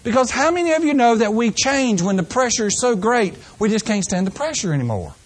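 A man's voice: extremely high pitch, very animated, a little fast. Folksy older man preaching a sermon. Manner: folksy, acts out excuses in mock voices.

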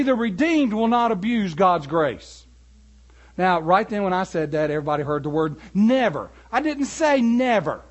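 A man preaching a sermon, animated and building to emphatic peaks. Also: high-pitched, muffled recording.

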